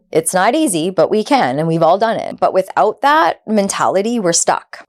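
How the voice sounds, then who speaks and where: A woman's voice: fairly low pitch, a little mellow. A woman hosting a podcast, talking earnestly and conversationally, often saying "like" and acting out quoted dialogue. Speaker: podcast host. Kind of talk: reflective podcast monologue.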